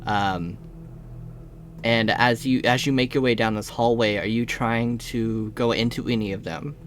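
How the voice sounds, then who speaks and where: A man's voice: mid-range voice, steady tone, slight background noise. Man narrating a tabletop game. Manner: descriptive, slows for atmosphere, frequent uhs. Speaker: game master.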